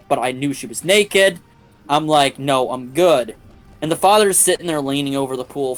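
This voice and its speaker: A man streaming a game tells a crude personal story. His voice sits a little high, and he swears freely. He does quick voices for the people in the story. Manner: profane, animated anecdote-telling with quoted voices. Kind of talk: casual storytelling while gaming.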